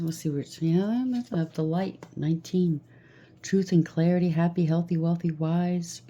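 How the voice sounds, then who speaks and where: Low gravelly woman giving a tarot reading. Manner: soft-spoken, reassuring, with fillers and repeated "okay?". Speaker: tarot reader. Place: home. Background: washing machine running.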